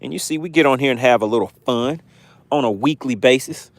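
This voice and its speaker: A man's voice: medium pitch, brisk, no echo. A man from Georgia with a Southern accent, hosting a casual fishing livestream from a boat and chatting as he reads viewer comments. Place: on a boat on a lake outdoors.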